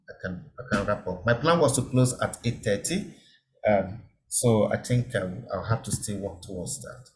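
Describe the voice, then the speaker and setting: A man giving an online safety lecture, explaining step by step, repeating key words and checking that listeners understand. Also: on the low side. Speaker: safety trainer.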